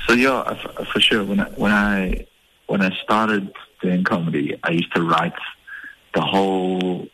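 A man from the Eastern Cape, a stand-up comedian talking in a relaxed, hesitant, self-deprecating way in a radio interview. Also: low-pitched, a little slow, low-quality recording. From Eastern Cape, South Africa. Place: radio studio.

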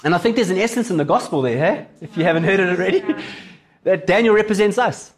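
A man preaching a sermon as a pastor, telling a story in a casual, animated way. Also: high voice, quick pace.

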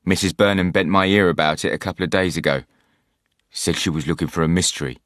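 A man's voice: deep voice, quick pace, fairly bright tone, dry recording, studio quality. A man voicing an older, worldly male ship's pilot in an audiobook, teasing and drawling. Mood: gossipy. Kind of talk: audiobook character voice.

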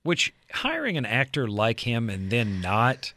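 A man's voice: mid-range voice, huge pitch swings, a little slow, sharp tone, dry recording. A man chiming in with wry, skeptical remarks in casual chat. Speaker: podcast co-host.

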